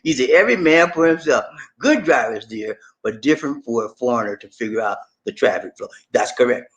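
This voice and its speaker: A man's voice: lively intonation, fairly quick, fairly bright tone, highs cut off. A man hosting a casual livestream, reading out viewer comments in a laid-back way, calling people "man" and "buddy" and laughing often. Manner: pitch swings widely between low asides and high exclamations. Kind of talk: casual live chat.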